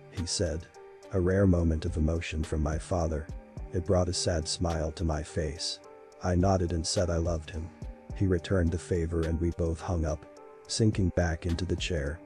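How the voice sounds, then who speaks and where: A man reading a first-person horror story aloud in a steady, unhurried narration. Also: low voice. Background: faint background music.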